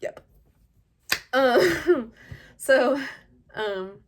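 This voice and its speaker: A young adult woman at home tells a personal story in a halting, casual way, full of fillers. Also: high voice, lively intonation, slight background noise. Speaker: vlogger. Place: at home indoors.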